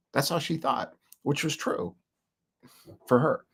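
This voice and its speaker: A man's voice: on the high side, lively intonation, takes it slowly, fairly bright tone. A middle-aged man giving a rambling self-help talk, full of fillers and frequent chuckles. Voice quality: gravelly, husky.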